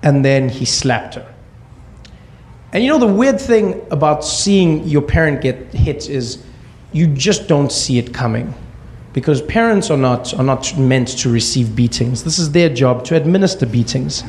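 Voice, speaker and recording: Creaky-voiced male stand-up storyteller. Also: mid-range voice. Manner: deadpan asides in a slow build. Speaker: stand-up comedian.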